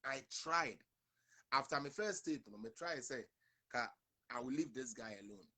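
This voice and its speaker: A man's voice: medium pitch, animated, normal speed, bright, forceful tone. A young Ghanaian man with a Ghanaian accent, hosting an online livestream and ranting emphatically, mixing English and Twi, repeating himself and addressing viewers directly. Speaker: online show host.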